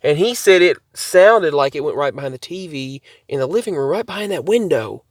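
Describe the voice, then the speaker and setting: Man vlogger, rambling storyteller, higher-than-usual pitch, close dry sound. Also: animated, a little fast, no echo, soft background music. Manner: rambling, repeats and restarts himself. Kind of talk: casual storytelling to camera.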